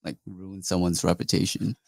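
Male co-host, mid pitch, easygoing short replies, dry close sound. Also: level tone, moderate pace, vocal fry, a little mellow, no room sound. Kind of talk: casual chat.

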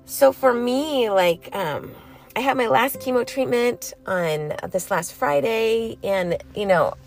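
A woman's voice: fairly high pitch, animated, slow, faint music behind. A young woman giving a casual devotional talk and reading scripture aloud. She is chatty, laughs easily and uses many fillers. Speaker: faith vlogger.

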